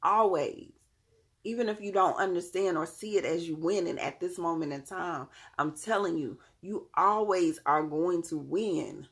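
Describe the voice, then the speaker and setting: A woman giving a casual tarot reading to her viewers, animated and slangy, cursing freely and laughing often. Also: on the low side, measured pace. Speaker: tarot reader.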